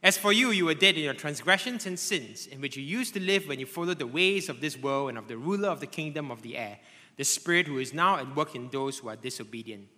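A man preaching a sermon to a congregation, animated and conversational, often checking in with tag questions like "right?" and "okay?". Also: on the high side, a little fast. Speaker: pastor. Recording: long hall reverb.

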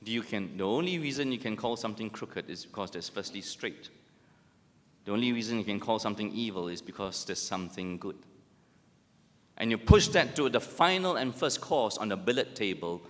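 A man's voice: lively intonation, a little fast. A man preaching a sermon, emphatic and full of rhetorical questions. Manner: emphatic, rhetorical questions, rises and drops in pitch. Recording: long hall reverb.

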